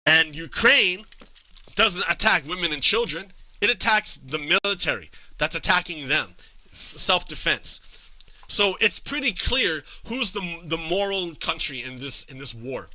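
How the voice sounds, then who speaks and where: A male streamer giving casual political commentary to his live chat, halting with frequent repeats and restarts. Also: a little high, lively intonation, pushed and bright, dry recording, rough recording.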